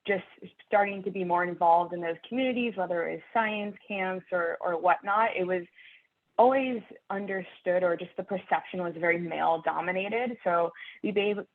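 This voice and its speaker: A woman's voice: fairly low pitch, moderate pace. A woman engineer on a panel, speaking in a thoughtful, reflective way. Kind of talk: panel discussion. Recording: tinny phone-like line.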